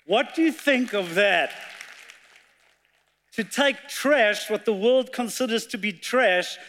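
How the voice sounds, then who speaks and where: A man's voice: sits high, slow pace, fairly bright tone, slight background noise. A man preaching a sermon, telling a story and reciting poetry with feeling. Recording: long hall reverb.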